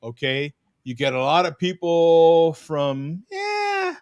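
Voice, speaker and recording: A man hosting a casual live-stream chat over a video call, animated, laughing often and cursing casually. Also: fairly high pitch, slow pace, no echo, highs cut off. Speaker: host.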